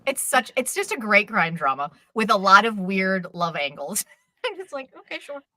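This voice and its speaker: Lively, bright-voiced woman gushing. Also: medium pitch, dry recording. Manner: animated, gushing, quick asides. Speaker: co-host. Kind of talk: casual chat about dramas.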